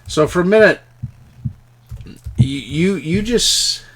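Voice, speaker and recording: A man narrating as game master in a tabletop game, telling the scene in an animated, stumbling way. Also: high-pitched, takes it slowly.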